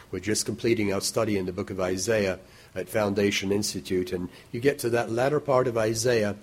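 Man preaching, kinda husky, slows way down on the verses, reads them out louder. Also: fairly low pitch. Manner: measured, slows to stress scripture, rises when quoting. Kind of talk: sermon.

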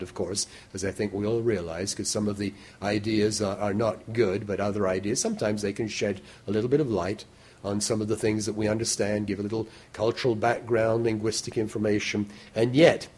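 A man preaching a sermon in a measured way, slowing down to stress scripture and lifting his voice when he quotes it. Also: fairly low pitch, darkish tone, husky.

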